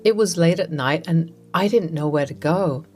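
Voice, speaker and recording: A woman reading a first-person story with a dramatic, expressive delivery. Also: low voice, moderate pace. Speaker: story narrator. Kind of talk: first-person scripted narration. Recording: narration over soft music.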